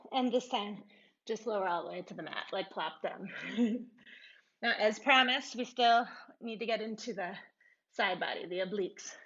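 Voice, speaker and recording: A woman teaching a yoga class, cueing poses in short calm phrases, a little out of breath and laughing at herself now and then. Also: medium pitch, highs cut off. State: slightly out of breath. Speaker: yoga instructor. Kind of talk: guided yoga class instruction.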